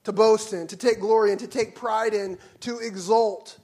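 High-voiced preaching man, passionate. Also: fairly even intonation, normal speed. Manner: passionate preaching, swings from hushed to loud exclamations. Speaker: pastor. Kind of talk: sermon. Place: church sanctuary.

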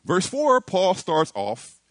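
A pastor with a high-pitched voice preaches a sermon to his church, speaking slowly on a dry recording. His delivery is animated, piling up repeated phrases and rising lines for emphasis.

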